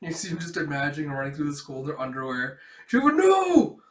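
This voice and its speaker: Man recapping a comic, animated and laughing, slightly high voice, echoey room. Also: racing, far from the mic. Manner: animated, laughing, acts out every character. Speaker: manga reader and reviewer. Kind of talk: casual read-through of a comic chapter.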